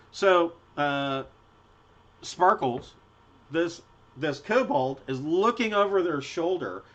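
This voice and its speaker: A man's voice: on the high side, a bit bright. A man narrating a tabletop game as game master, hesitant, with many fillers and restarts. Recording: dull lo-fi audio.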